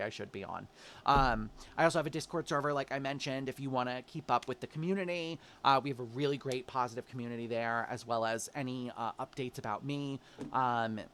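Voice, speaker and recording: A man's voice: medium pitch, fairly bright tone, slight background noise. A man giving a casual, upbeat tarot reading, encouraging the listener and calling them babe. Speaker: tarot reader.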